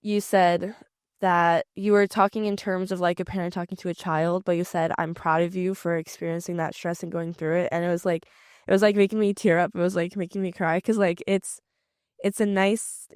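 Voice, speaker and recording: A woman co-hosts a podcast in a chatty, informal way. Her voice is smooth and clear. It is recorded close and dry. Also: on the low side, fairly even intonation, a little fast, darkish tone, no room sound. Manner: chatty, lots of "like" fillers. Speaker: podcast co-host. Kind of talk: casual conversational podcast chat.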